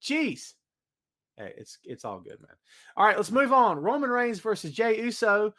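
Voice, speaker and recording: A man's voice: sits high, normal speed. A man hosting a solo wrestling podcast, ranting with energy and reading out chat comments. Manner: animated ranting, hypes predictions, reads chat comments. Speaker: podcast host. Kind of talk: solo live-stream wrestling talk.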